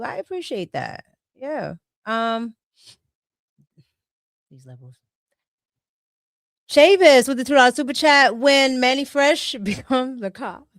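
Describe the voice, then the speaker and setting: A woman's voice: sits high, dry recording, studio quality. A woman hosting a casual livestream, chatting, reading super chats aloud and laughing often. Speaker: livestream host.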